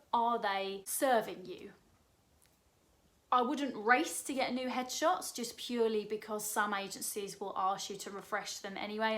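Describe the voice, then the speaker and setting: A woman's voice: mid-range voice, fairly bright tone. A woman in her thirties with an Essex accent, giving casual career advice from her sofa in a direct, chatty way. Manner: chatty, direct, asks the viewer questions. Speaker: performer sharing career advice. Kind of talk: casual advice chat to camera. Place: home sofa.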